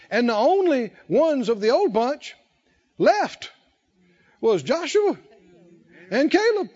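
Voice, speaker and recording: A man preaching a sermon, drawing the congregation in with questions and emphatic, drawn-out phrases. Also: very high voice, a little mellow, highs cut off. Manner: call-and-response preaching, rising and falling emphasis, drawn-out phrases.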